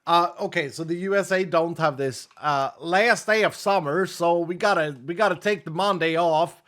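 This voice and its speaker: In a casual livestream, this male streamer talks at a moderate pace with a slightly bright tone. He can't push his voice because of a cracked rib, so he sounds subdued and restrained while chattily thanking each donor in turn.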